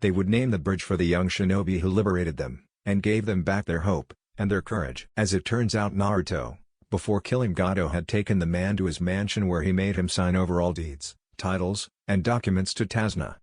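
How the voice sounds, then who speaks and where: A man reads fan fiction aloud in an even, steady way. His voice is low and the recording is dry and close. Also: a little fast, hardly any pauses, no room sound. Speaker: story narrator.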